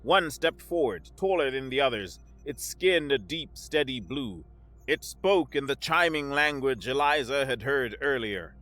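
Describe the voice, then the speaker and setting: Brief: male audiobook narrator, bright and forceful, dry close sound, soft music under it. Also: mid-range voice, lively intonation, unhurried. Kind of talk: scripted sci-fi narration.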